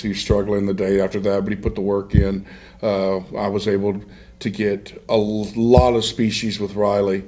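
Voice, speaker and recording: A man with a fairly low voice, middle-aged, spinning casual stories as a podcast guest. He backtracks and restarts often and laughs easily at his own tales. The delivery is loose and unscripted. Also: a little mellow. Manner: rambling, self-interrupting storyteller who laughs through his own stories. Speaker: guest, duck hunter. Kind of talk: casual storytelling in a podcast interview.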